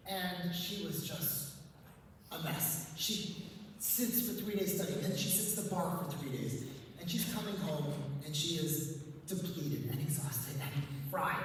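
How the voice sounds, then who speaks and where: A man's voice: a little high, slight background noise. Man giving a talk in an echoey hall. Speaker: rabbi and speaker on couples. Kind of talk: conference talk with a story. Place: large event hall. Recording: echoey hall, distant mic.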